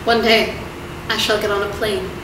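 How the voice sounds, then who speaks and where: A woman's voice: mid-range voice, flat delivery, moderate pace, recorded from a distance. A teenage girl performing a confessional one-woman stage show, swinging between jokes and tearful apology. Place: theater stage. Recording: echoey theater with room noise.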